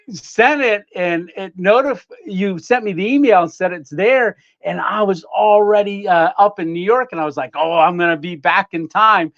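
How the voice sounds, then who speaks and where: A man's voice: high-pitched, a bit bright, highs cut off. Chatty man hosting a home livestream. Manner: chatty, greets viewers by name, frequent fillers and laughs. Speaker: livestream host. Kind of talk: casual live-stream chat. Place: home room.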